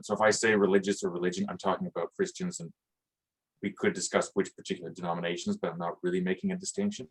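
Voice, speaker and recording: A man with a somewhat low voice speaks in a reflective conversation, thinking aloud as he goes. He hesitates often, filling gaps with small sounds before finding his words. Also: poor audio. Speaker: podcast host.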